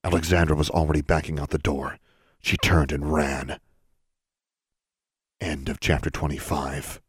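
Male podcast narrator, very low voice, dry close sound, measured audiobook reading. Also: flat delivery, breathy edge, no echo.

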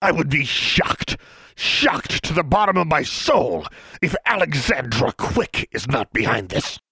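Blustering, pompous bearded giant of a man, shouting high and wild, as the reader puts him on, dry close sound. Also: very animated, unhurried, vocal fry, breathy edge, dry recording, full character voice. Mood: bellowing rage. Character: huge pompous bearded man, furious official.

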